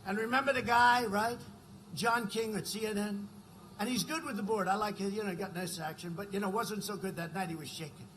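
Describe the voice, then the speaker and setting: Brisk and fairly bright, a high-pitched man works through a campaign rally speech that meanders and repeats, punctuated by questions of "right?" to the crowd. A little hiss or hum runs underneath.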